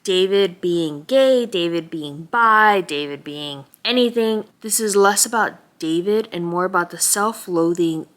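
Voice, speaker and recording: A woman's voice: fairly low pitch, measured pace, hardly any pauses, fairly bright tone. A tired, tearful woman rambling emotionally about a book in a late-night vlog, sometimes dropping to a whisper. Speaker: book vlogger.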